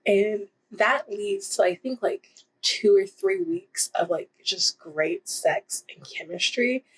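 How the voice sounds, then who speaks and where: A woman's voice: medium pitch, takes it slowly, slightly rough, poor audio. A young woman casually reviewing romance books in a rambling, giggly way, with lots of fillers. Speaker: book vlogger. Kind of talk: casual book review vlog.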